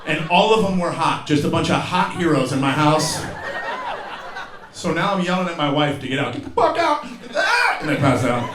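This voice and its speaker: A man's voice: mid-range voice, noisy background. A man in his forties doing a live stand-up comedy set, telling profane stories with acted-out voices and sudden yelps. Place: theater stage before a laughing audience. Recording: roomy live venue with crowd laughter. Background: audience laughter.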